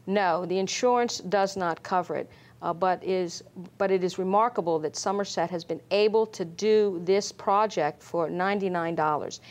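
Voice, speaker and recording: A middle-aged woman, a lung doctor, explaining screening in an interview, measured and full of fillers. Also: on the low side. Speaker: pulmonologist guest. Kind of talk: medical interview.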